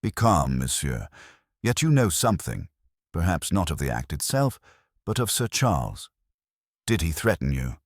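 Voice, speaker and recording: A man's voice: deep voice, very animated, moderate pace, dry recording, studio quality, full character voice. A man reading a shrewd, courteous detective who questions with polite persistence. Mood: probing.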